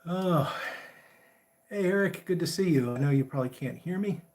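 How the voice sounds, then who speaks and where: A man hosting a casual live chat, greeting viewers by name in a relaxed, friendly way. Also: a little high, moderate pace. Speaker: livestream host.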